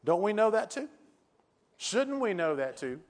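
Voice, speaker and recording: An older male preacher delivers an earnest sermon in a voice pitched a little high for a man. He doubles back on his key phrases and leans on rhetorical questions to drive each point home. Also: sing-song, unhurried.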